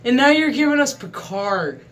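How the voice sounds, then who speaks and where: A man's voice: extremely high pitch, big pitch swings, normal speed, a bit bright. A man in his thirties, hosting his gaming channel, rants in a casual, profane monologue and talks with exasperated emphasis. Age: 30s.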